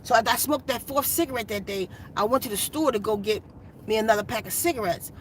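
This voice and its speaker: A woman's voice: a little high, quick pace, a little hiss or hum. A woman hosting a meditation channel, telling a personal story in a casual, earnest and repetitive way from inside her RV. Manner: earnest, repetitive, emphatic retelling.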